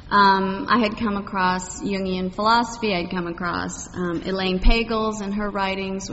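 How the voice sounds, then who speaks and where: A woman's voice: mid-range voice, a bit bright, a little hiss or hum. A middle-aged woman from Texas, sharing her personal faith story with a congregation, rambling with many fillers and asides. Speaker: congregation member. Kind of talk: personal testimony talk. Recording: muffled echoey hall recording.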